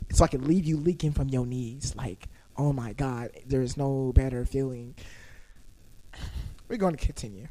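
A young man tells a crude, comedic personal story, swearing freely and acting out what people said with big swings in his voice, animated and profane throughout. His medium-pitched voice moves at a moderate pace, recorded on his own setup with no room sound.

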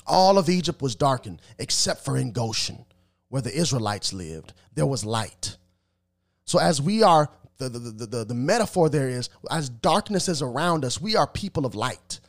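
A man's voice: mid-range voice, sing-song, moderate pace. Emphatic, preachy man commentator. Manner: preachy, emphatic, repeats words when stumbling. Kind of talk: religious commentary.

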